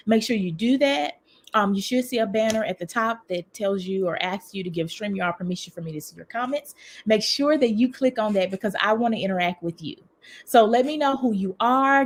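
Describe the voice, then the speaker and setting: A woman from Mississippi with a Southern US accent, a relationship coach talking fast and excitedly on a livestream from home. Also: mid-range voice. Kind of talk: livestream talk. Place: home room with a heater running.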